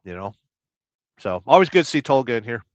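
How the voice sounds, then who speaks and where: A man from Southern California hosting a casual trucking livestream. He reads viewer comments aloud and rambles through deadpan, absurd jokes. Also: mid-range voice, brisk, no room sound. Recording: dry, slightly dull lo-fi sound.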